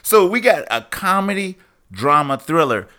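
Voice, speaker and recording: Animated, bright-voiced male podcast host. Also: on the high side, moderate pace. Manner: animated and joking, hyping up guests. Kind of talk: casual movie-review podcast chat.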